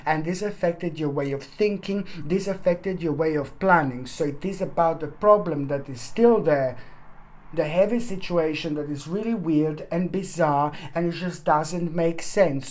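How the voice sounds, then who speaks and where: A tarot reader giving a weekly forecast, speaking straight to the listener in a playful, chatty way. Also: medium pitch. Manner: addresses the listener directly, playful made-up words.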